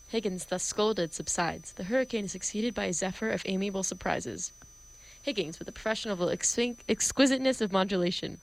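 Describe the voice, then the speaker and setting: A woman reading the stage directions of a play in a measured, plain way. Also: mid-range voice, creaky, low-quality recording. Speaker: narrator.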